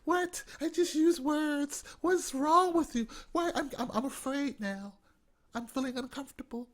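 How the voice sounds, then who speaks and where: A man's voice: very high-pitched, a little slow, a bit bright, voice pushed up. A man mockingly voicing a flustered woman who plays the innocent victim, whiny and feigning fear. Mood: mock innocent.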